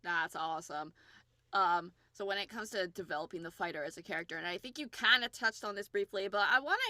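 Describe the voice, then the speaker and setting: A woman host asking casual interview questions, relaxed and quick to laugh. Her voice is bright and forward, recorded dry and close. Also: mid-range voice, dry recording. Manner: relaxed, chatty, laughs easily.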